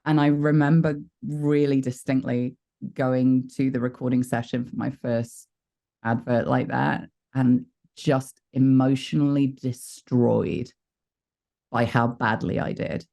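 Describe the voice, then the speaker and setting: A British woman in her forties speaks openly in an interview. She is a chatty, frank storyteller who is quick to poke fun at herself. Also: extremely low pitch, little pitch movement, creaky, mellow. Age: 40s. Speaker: voice actor guest. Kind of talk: candid interview talk.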